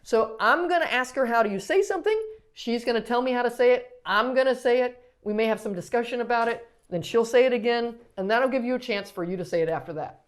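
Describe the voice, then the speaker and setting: A woman's voice: a little high, fast talker, hardly any pauses. A woman pediatric therapist talks through a casual lesson, stopping often to ask questions. She hesitates and restarts her sentences, filling the gaps with ums. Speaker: pediatric physical therapist teaching.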